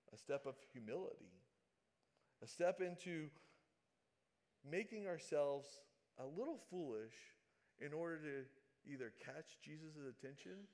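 A man preaching a sermon, swinging between loud dramatic calls and quiet, hushed asides. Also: on the high side.

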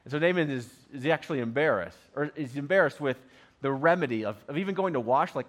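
A man's voice: fairly high pitch, expressive, quick pace. A man preaching a sermon in a conversational, storytelling manner. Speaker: pastor.

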